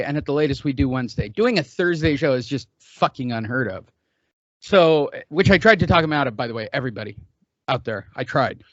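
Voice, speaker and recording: A man's voice: medium pitch, no echo. A middle-aged man hosting a podcast, joking and rambling in casual chat. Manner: rambling, joking, laughs often. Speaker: podcast host. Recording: dull lo-fi dry recording.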